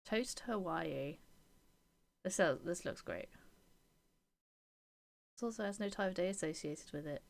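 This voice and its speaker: A woman streams a game, reading its text aloud and chatting with viewers between passages. She talks in an opinionated, chatty way, slipping into soft whispered asides and little giggles. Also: fairly low pitch, animated, unhurried, vocal fry, pauses often.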